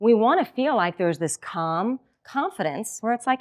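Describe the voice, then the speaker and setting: Middle-aged woman doing a keynote, chatty and lively, plays out quotes as she goes. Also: fairly high pitch, moderate pace. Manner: lively, conversational, acts out quoted lines. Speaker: keynote speaker. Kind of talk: motivational keynote talk.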